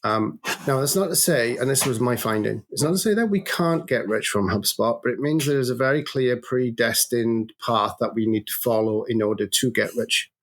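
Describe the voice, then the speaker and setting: A man, an agency co-founder, talking as a guest in a business interview with an animated, storytelling manner and frequent restarts. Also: mid-range voice, normal speed, hardly any pauses.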